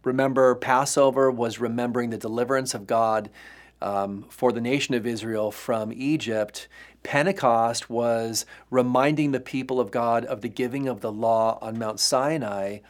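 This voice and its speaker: A man's voice: mid-range voice, steady tone, normal speed. A male pastor giving an earnest, emphatic sermon teaching, with frequent fillers and restarts.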